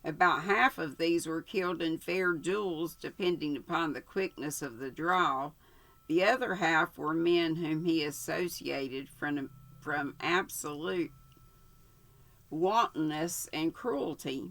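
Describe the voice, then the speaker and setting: Slow, gravelly older woman reading aloud. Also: low-pitched, fairly bright tone. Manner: unhurried, stops to correct herself. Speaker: channel host reading a story. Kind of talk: casual story read-aloud.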